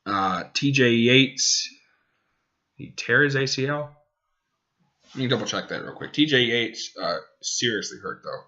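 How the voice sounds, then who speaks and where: Man, podcast host, rambling sports chat, bright forceful tone, muffled lo-fi sound. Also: mid-range voice, lively intonation, a little slow, pauses often. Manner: rambling, self-correcting, talks to his dog. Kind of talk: casual sports talk.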